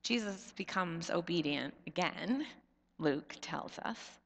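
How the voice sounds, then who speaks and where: A woman pastor in her thirties preaching a sermon, slow and reflective, her voice often dropping soft at the ends of phrases. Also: lowish voice, expressive. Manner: slow, reflective storytelling with soft drops in volume. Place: church sanctuary. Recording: long church reverb.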